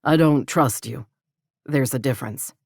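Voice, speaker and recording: A woman's voice: very deep voice, measured pace, gravelly, slightly rough, no echo, studio quality, full character voice. A woman voicing a guarded, protective grown rancher man who answers in short, blunt lines. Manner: terse, clipped replies.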